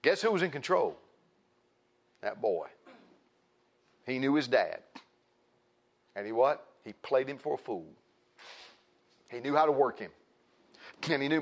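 A man's voice: mid-range voice, expressive, normal speed, long pauses. A middle-aged man preaching a sermon as pastor, folksy and emphatic, with rising outbursts.

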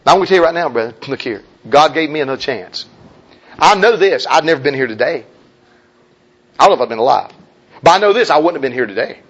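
In a dull, lo-fi recording, a male preacher tells a personal story during his sermon. His husky, medium-pitched voice swings between hushed, confiding tones and loud, urgent appeals.

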